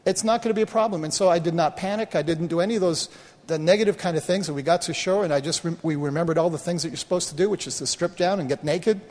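A man's voice: a little high, quick pace, a little mellow, big-room sound. A middle-aged man preaching a sermon as pastor, in a folksy, conversational way full of rhetorical questions and restarts.

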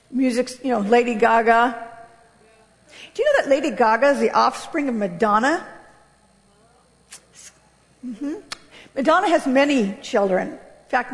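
A woman giving an emotional personal testimony to an audience, telling her story with emphatic, impassioned delivery and sudden leaps in pitch. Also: creaky. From United States. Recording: long reverb of a large hall.

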